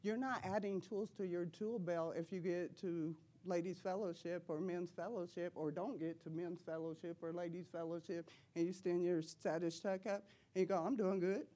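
Animated woman preaching a testimony. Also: on the low side. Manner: animated and emphatic, laughing often between lines; casual, slangy preaching talk. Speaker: church speaker. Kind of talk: personal testimony sermon.

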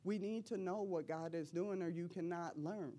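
A woman on the low side of pitch, mellow and moderately paced, offers a personal testimony sermon at church. She preaches emphatically yet casually, full of slang, and laughs often between her lines.

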